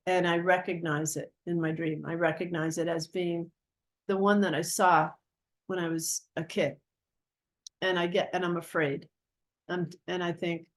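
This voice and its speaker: A woman telling the story of a personal dream in an earnest, reflective way, often correcting herself as she goes. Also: on the low side. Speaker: guest.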